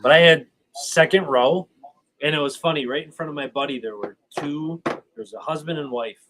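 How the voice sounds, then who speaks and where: A man, a guest on a talk stream, telling a long rambling anecdote in a casual, animated way. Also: fairly high pitch, moderate pace, a little hiss or hum, low-quality recording. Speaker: guest fan. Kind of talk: casual storytelling.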